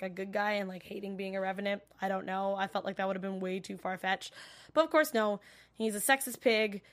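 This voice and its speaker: A young adult woman recapping a TV episode in a casual, gushing way, full of "like" and "you know". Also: medium pitch. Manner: gushing, filler-heavy, lots of "like" and "you know".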